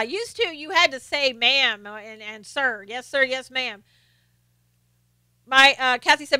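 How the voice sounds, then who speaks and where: A woman's voice: high-pitched, bright, forceful tone, clear, resonant tone, no room sound. A woman hosting a casual live stream, chatting and laughing as she reads viewer comments aloud. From Southern United States.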